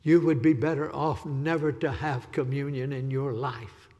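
A man's voice: medium pitch, steady tone, moderate pace, warm tone. Impassioned man preaching a sermon. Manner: impassioned, repetitive pleading. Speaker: evangelist preacher. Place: church sanctuary. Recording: reverberant church hall.

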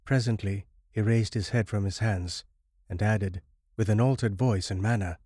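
A man narrating a Victorian horror story in a steady, measured reading. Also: lowish voice, breathy edge, no echo, clean studio sound.

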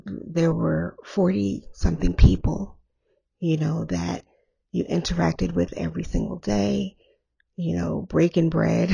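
A woman hosting her own podcast, talking candidly and rambling a little, her voice hoarse after an illness and laughing often. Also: fairly low pitch, dark tone, lo-fi sound. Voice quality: gravelly. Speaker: podcast host. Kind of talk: candid solo podcast talk.

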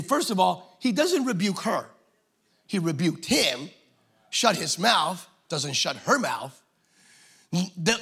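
A man preaching a sermon, acting out the scripture voices and shouting for emphasis. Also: high voice, slightly rough. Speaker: pastor.

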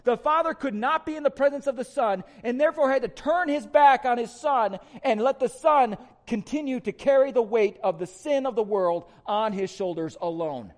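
A man preaching a sermon to a congregation, asking rhetorical questions and swinging between loud emphatic lines and quiet ones. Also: extremely high pitch, moderate pace, few pauses. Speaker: pastor.

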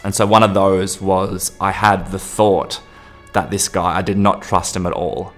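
A man's voice: low voice, fairly even intonation, faint music behind. A man recounting a personal experience, often stopping and restarting his sentences. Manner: halting, restarts mid-sentence. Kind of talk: personal anecdote.

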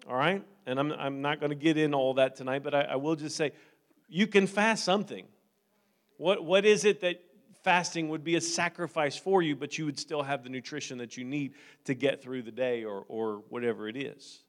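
A man's voice: medium pitch, moderate pace. A middle-aged male pastor preaching a sermon, conversational at first and then rising into fervent preaching.

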